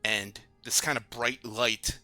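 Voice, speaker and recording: A man narrating a tabletop game as game master, describing scenes with frequent pauses and fillers. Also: medium pitch, fairly even intonation, sharp tone, soft background music.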